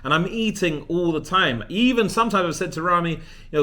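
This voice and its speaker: Animated man telling a story. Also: on the high side, a little fast. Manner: animated, self-mocking storytelling. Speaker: vlogger. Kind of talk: casual vlog monologue.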